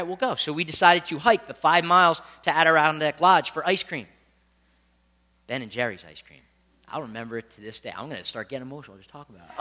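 A young man preaching a sermon, telling stories with lots of asides and animated delivery. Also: high voice. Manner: animated storytelling with asides and laughs.

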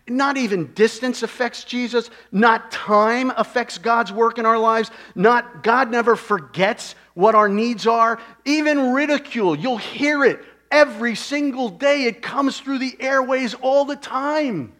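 A man preaching a sermon in a conversational way, asking his listeners rhetorical questions and swinging from loud exclamations down to hushed, near-whispered lines. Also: very high-pitched, a little slow.

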